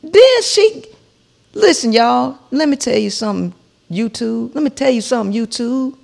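A woman in her forties hosting a podcast, telling a profane comic story in an animated rant and addressing her listeners directly. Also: fairly high pitch, normal speed, creaky. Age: 40s. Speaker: podcast host.

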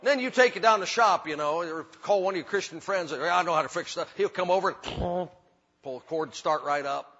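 Folksy preacher with a bright, high voice. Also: male voice, moderate pace. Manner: folksy, emphatic preaching with repetition and humor. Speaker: pastor. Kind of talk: sermon. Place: church sanctuary. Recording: dull hall recording with long reverb.

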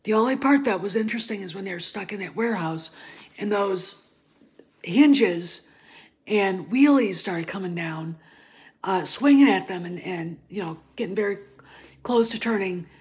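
A woman vlogger ranting in casual, profane commentary, dropping to murmurs and then flaring up loud. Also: mid-range voice, animated, normal speed.

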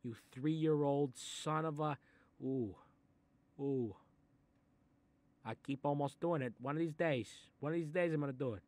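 A man voicing a short-tempered Italian-American mob boss who grumbles, swears and threatens, in a comedic animated role. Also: a little high, unhurried, pauses often, natural voice. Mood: gruff menacing. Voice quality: gravelly, threatening. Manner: grumbling asides, sudden angry outbursts, swearing. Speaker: mob boss reading a children's book.

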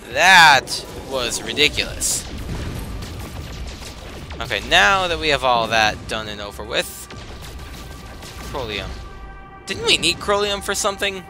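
Male gamer, mid-pitched, slow and drawn out, yelps and gripes between quiet muttering, game music underneath. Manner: excitable, exclaims and complains with sudden outbursts; self-talk, mutters and trails off while managing inventory. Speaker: gaming commentator. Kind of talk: casual let's play commentary.

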